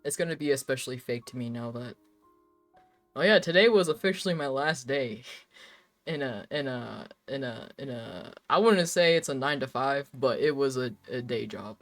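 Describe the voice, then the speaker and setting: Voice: mid-range voice, normal speed, dry recording, soft background music. A young adult live streamer chatting casually while drawing, rambling with lots of filler words, frequent laughs and swearing.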